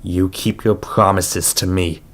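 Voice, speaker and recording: Brief: a male reader voicing a cruel, controlling man, low and slow, taunting, audiobook. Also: steady tone, fairly bright tone. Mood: menacing. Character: menacing controlling grown male abductor.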